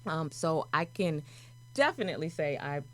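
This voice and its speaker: A woman guest in a casual interview, telling stories and acting out the people in them with lively energy. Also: low voice, normal speed. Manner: animated, acts out voices in her stories. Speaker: guest, prison doctor.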